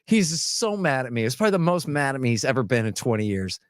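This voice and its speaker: A man hosting a podcast, chatting casually and telling animated, chuckling stories. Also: mid-range voice, quick pace, smooth, no echo, clean studio sound. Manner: animated, chuckling, repeats phrases. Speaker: podcast host. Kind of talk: casual chat, anecdotal storytelling.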